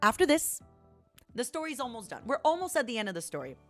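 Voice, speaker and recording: A woman's voice: a little high, very animated, fast, fairly bright tone, soft background music. A woman streamer in casual chat, telling a story dramatically and animatedly.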